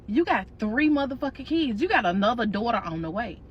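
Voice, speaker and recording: A woman's voice: a little high, sing-song, fairly quick, husky, highs cut off. A woman doing her snippy, mouthy sister. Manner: snippy and profane. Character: mouthy, spiteful grown younger sister.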